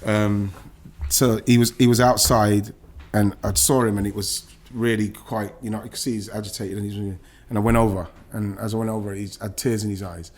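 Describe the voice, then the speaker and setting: Middle-aged man telling a painful story. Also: fairly low pitch. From England. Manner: animated, swearing, halting restarts when moved. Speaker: guest, former footballer. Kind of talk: emotional personal storytelling.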